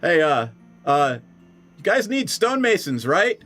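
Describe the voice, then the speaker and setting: A man voicing a gruff, burly male dwarf stonemason who talks in an earnest, blustering way. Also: fairly high pitch, very animated, a little slow, a bit bright, soft background music, voice pushed up.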